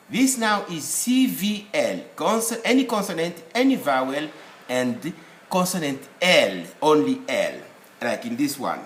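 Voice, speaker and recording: Man, teacher, spelling lesson, step-by-step explanations, animated pitch, echoey room. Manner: explains step by step with worked examples, spells out letters. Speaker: English teacher. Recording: echoey room with faint noise.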